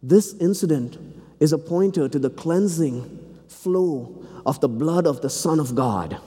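A man's voice: on the high side, lively intonation, measured pace, dark tone, breathy edge. A man from India preaching a sermon in a seminary chapel, with earnest, rising, fervent appeals. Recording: long hall reverb.

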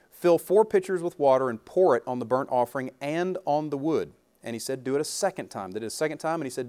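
A man's voice: mid-range voice, a little mellow. A man preaching a sermon, reading scripture aloud and breaking off into jokes and questions for the congregation. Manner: reads scripture aloud, then riffs with humor and questions to the congregation. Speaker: pastor.

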